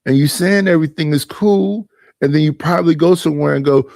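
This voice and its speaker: A man's voice: a little high, a little fast, creaky, a little mellow, dry recording, studio quality. Aggrieved middle-aged man ranting on stream. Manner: aggrieved, repetitive, mimics others in quoted voices. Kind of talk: casual livestream rant.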